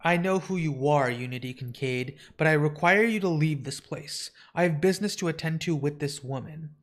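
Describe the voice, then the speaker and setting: A man's voice: on the high side, close to an everyday voice. A man reading as a solemn dream lord. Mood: cold. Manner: grave, measured, formal.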